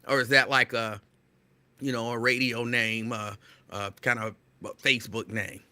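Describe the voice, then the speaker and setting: Excitable bright-voiced male show host. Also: medium pitch, moderate pace. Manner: animated, excitable, loud at times; playful, teasing. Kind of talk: casual live-show chat greeting listeners.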